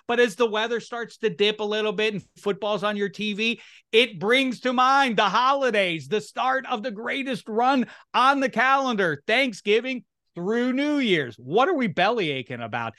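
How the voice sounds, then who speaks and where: A man hosting a casual sports talk podcast, ranting in a lively, mocking way. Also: high voice, normal speed, no room sound, clean studio sound. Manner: animated ranting, mock complaints. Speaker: podcast host.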